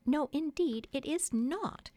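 A prim little storybook girl who fusses over everyone like a mother, her voice lifting high and lilting with earnest feeling, as a woman reading aloud puts her on. The sound is dry and close. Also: big pitch swings, unhurried, vocal fry, darkish tone, dry recording, exaggerated voice. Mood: prim, scornful.

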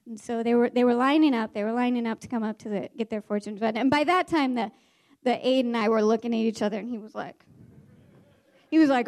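A woman, a former teacher, tells a story in an animated way, acting out the voices of the people in it. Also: fairly high pitch, fairly quick. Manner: animated, acts out the characters' voices.

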